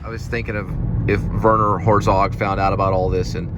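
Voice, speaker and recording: A man's voice: low-pitched, flat delivery, a little fast, few pauses. A man casually rambling in a vlog while out delivering food in his car, self-amused and full of restarts. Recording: car and road noise.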